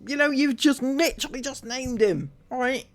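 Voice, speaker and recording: A man's voice: very high-pitched, normal speed. A man giving sarcastic reaction commentary, firing incredulous rhetorical questions.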